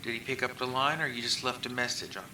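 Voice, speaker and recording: A man's voice: medium pitch, little pitch movement, fast talker. A man questioning a witness in a recorded police interview, asking short, matter-of-fact questions. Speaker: investigator. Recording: echoey room recording, faint hiss.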